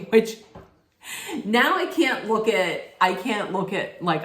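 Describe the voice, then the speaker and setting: Woman recap vlogger, lowish voice, blunt, rambling rant with swearing, roomy sound. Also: a bit bright. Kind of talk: casual rant. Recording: roomy echo.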